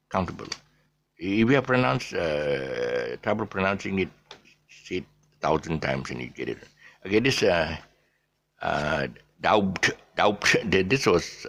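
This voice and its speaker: A middle-aged man, giving an off-the-cuff pronunciation lesson, repeating each word many times and drifting into soft asides. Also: very deep voice, vocal fry, breathy edge. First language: Eurasian family speaking English as mother tongue. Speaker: English pronunciation teacher.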